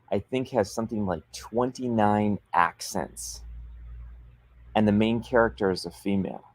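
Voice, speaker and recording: A man with a lowish voice talks on a livestream, coaching authors with emphatic, persuasive energy. The sound is close and dry, with no room around it. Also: no room sound. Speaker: author coach and show host. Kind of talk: livestream business talk.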